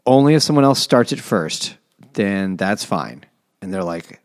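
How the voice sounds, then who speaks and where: A man's voice: on the low side, expressive, measured pace, no echo. A man casually recapping a novel's plot with wry, dry humor and silly voiced asides. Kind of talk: casual comedic book recap.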